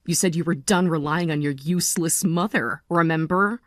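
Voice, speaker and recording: A woman playing a calm, weary mother. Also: low voice, no room sound, clean studio sound, natural voice. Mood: calm resolve. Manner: calm, measured, cold. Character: weary, resolute mother leaving her family.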